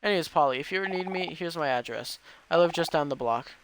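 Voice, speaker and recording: A man reading the lines of an energetic, cocky teenage boy, breaking in with munching sounds. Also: fairly high pitch, fast talker, lightly acted. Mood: eager. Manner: reads game dialogue aloud, says munch between lines. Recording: noisy recording.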